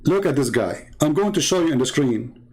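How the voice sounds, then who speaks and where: A man with an Arabic accent hosts a live stream and reads out viewer comments. He talks in a mocking, combative way, repeats himself and jumps into high, scornful outbursts. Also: lively intonation, fairly quick, a little mellow, rough recording. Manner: mocking, taunting, with sudden high-pitched outbursts. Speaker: livestream host reading viewer comments.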